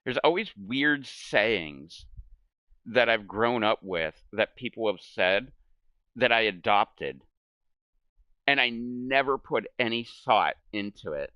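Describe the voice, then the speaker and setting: A middle-aged man chats casually while he games, wandering from story to story, cursing freely and laughing along with himself. His voice sits low yet carries a sharp, forceful edge, and the sound is close and dry with no room behind it. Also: expressive, takes it slowly, dry recording, highs cut off. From United States. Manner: rambling, profane, laughs at his own stories. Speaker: gaming streamer. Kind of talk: casual chat while gaming. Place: home gaming setup.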